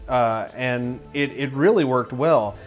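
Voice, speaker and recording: A man's voice: medium pitch, slow, soft background music. Rambling, opinionated male film reviewer. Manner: rambling with many restarts and self-corrections; enthusiastic, opinionated. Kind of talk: casual opinion commentary.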